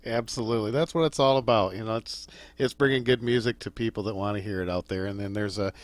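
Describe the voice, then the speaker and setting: A man's voice: on the low side, steady tone, quick pace, no room sound. A man hosting a radio interview, easygoing, answering with brief affirmations.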